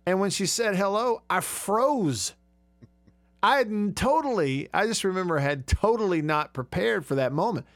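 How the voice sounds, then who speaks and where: A man's voice: high-pitched, expressive, normal speed, a bit bright, dry recording. Chatty man hosting radio. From Alabama. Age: 30s. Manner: chatty, self-mocking, laughs often. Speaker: radio show host. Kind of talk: casual radio talk and storytelling. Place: radio studio.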